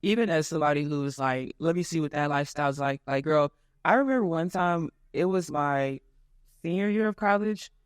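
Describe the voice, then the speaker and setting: A woman hosting a podcast, chatting in a relaxed, slangy way. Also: low-pitched, a little fast, clean tone, no room sound, studio quality. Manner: relaxed and slangy, with lots of agreeing "yeah"s. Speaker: podcast host. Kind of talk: casual podcast chat.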